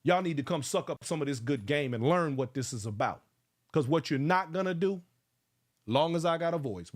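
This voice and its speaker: Fired-up man hosting a livestream. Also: on the high side. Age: around 50. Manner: fired-up, preachy, shouting out viewers. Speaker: livestream host. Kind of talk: casual livestream talk.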